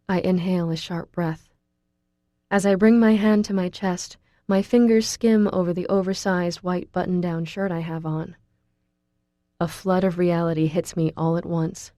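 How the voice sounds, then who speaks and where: Woman narrator for a first-person novel: lower pitch, mellow tone, dry studio read. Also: fairly even intonation, normal speed, dry recording. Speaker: audiobook narrator.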